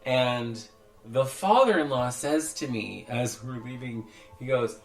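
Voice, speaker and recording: A podcast host with a mid-range voice tells a long story at a measured pace in casual chat, performing the voices of its characters and swearing freely. The recording has a roomy echo with faint music behind it.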